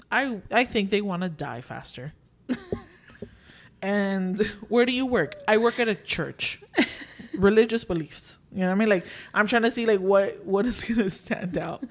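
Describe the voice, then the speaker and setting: A young woman hosting a podcast, telling a story in casual chat, acting out what people said and slipping in Spanish filler phrases. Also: medium pitch. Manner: lively retelling, acting out quoted dialogue. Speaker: podcast host.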